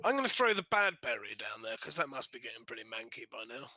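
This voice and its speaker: A man's voice: medium pitch, sing-song, quick pace, sharp tone, dry recording, low-quality recording. A man playing a tabletop game, chatting casually in a playful, jokey way. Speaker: player.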